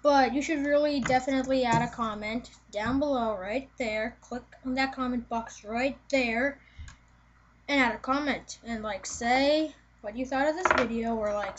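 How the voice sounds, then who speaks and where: A woman's voice: a little high, noisy background. A young woman vlogging casually, rambling and chatty with lots of fillers. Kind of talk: casual video chat. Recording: dull lo-fi home video.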